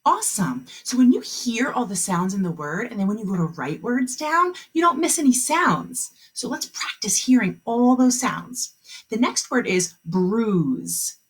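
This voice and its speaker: A woman teaching a kindergarten phonics lesson on a video call, speaking slowly and encouragingly and stretching out the sounds of words for young children. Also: a little high, very animated, slightly rough.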